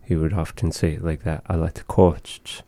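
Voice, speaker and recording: Very low, dark-voiced man teaching slowly. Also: level tone, no echo. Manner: slow, patient, modeling words carefully. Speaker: language teacher. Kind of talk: conversational language lesson.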